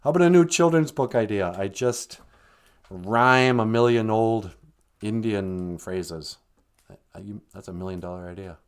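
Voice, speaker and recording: A man's voice: lowish voice, a little slow, clean tone. A man co-hosting a podcast in casual chat, joking and slipping into put-on voices. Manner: jokey, breaks into put-on voices. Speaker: podcast co-host.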